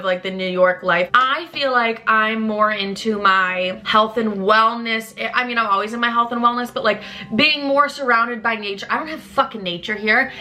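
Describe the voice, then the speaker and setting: A lifestyle creator in her twenties chats candidly to camera, treating her viewers like close friends. Her bright, forward voice carries a blunt, chatty delivery full of casual swearing and lively leaps in pitch.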